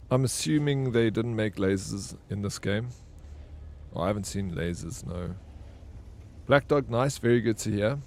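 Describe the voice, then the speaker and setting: With a little hiss or hum on the audio, a man speaks in a lowish, slightly mellow voice while streaming a video game live. He keeps the chat casual, reading and responding to viewer messages and telling wandering stories full of fillers and restarts.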